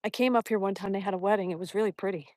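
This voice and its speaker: A woman's voice: medium pitch, fairly even intonation, racing, a little mellow, no room sound, studio quality. A woman hosting a live stream on a morning walk outdoors, chatting with viewers, reading their comments aloud and baby-talking to her dog. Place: outdoors at a mountain park.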